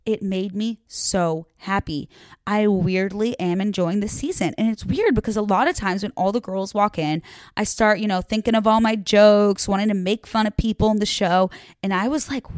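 A woman's voice: medium pitch, darkish tone, no echo, clean studio sound. A young woman from the American Midwest, ranting bluntly and chattily to camera, with plenty of swearing. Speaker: vlogger. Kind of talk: casual rant to camera.

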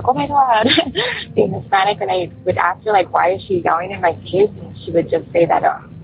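A woman's voice: lowish voice, creaky. A woman calling in to tell a personal story, rambling with lots of fillers. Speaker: caller. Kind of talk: casual phone-in storytelling. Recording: tinny phone line with faint hiss.

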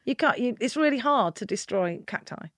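A woman with a fairly high voice tells candid stories as a podcast guest. She talks in a lively way, laughs often and acts out the voices she quotes. The sound is dry and close. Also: normal speed, no echo. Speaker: podcast guest, keynote speaker. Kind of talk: candid conversational storytelling.

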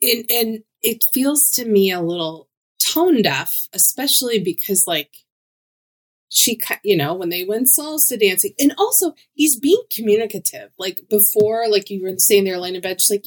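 A woman of middle pitch trading casual podcast banter. She is blunt, laughs often, and tosses in swearing asides. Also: lively intonation, moderate pace. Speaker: podcast co-host.

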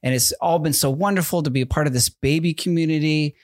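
This young man speaks fast in a fairly high voice, recorded cleanly in a studio with no room sound. He co-hosts a podcast and is the father of infant twins. In casual chat he rambles, restarts often, and keeps saying "like" and "you know what I mean."

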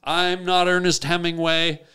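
A man hosting a comic call-in show, telling absurd stories in a deadpan rambling way. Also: high voice, measured pace, clear, resonant tone. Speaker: radio call-in host. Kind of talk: comic radio storytelling.

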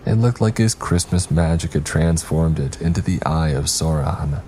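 Deep, dark-voiced male horror narrator. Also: normal speed, a little hiss or hum. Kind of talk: scripted narration of a horror story.

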